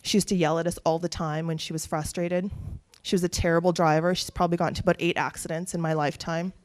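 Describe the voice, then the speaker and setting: This earnest keynote, woven from personal stories, comes from a Canadian woman whose pitch is fairly low and who talks quickly. She tells her anecdotes with animation, acting out the voices she quotes.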